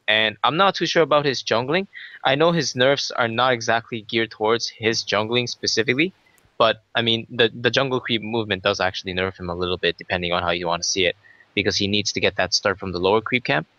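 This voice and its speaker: A chatty, playful man gives analysis as co-caster on a live esports broadcast. His voice is bright and sharp, and he talks at length. The mic sounds a little dull and lo-fi, dry with no room echo. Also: mid-range voice, quick pace. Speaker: esports color commentator.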